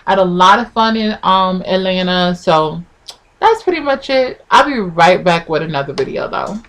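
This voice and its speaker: A young woman tells a story in a loose, chatty way, with "like" in nearly every line. When she acts out what people said, her voice jumps up sharply, so her pitch is lively overall. She sounds relaxed and unscripted, like someone filming a vlog at home. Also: normal speed. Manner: animated, frequent "like" fillers, acting out quoted lines with pitch jumps. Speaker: vlogger. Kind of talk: casual storytime chat.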